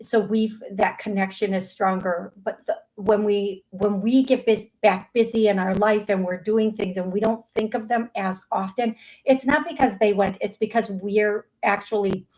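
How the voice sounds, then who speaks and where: A woman's voice: medium pitch, fairly even intonation, moderate pace, a little mellow, poor audio. A middle-aged woman hosting a psychic medium show, chatty and casual, with frequent restarts and easy laughter. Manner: chatty, laughs easily, many restarts and fillers. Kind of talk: live call-in show talk.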